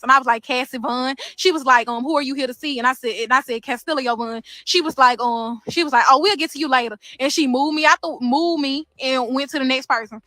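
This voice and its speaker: A woman's voice: sits high, no echo. A woman, upset as she retells a prison visit, acting out the exchanges she describes. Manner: upset, animated retelling with quoted dialogue. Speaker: inmate's sister recounting a prison visit. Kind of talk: casual first-person account. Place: outdoors near a prison.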